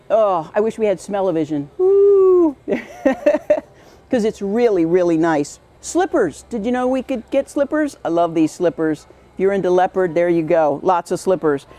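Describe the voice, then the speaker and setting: A woman with a medium-pitched, dark-toned voice hosts a farm store's own show, giving an upbeat tour of its products. She is chatty and enthusiastic and keeps repeating "really, really."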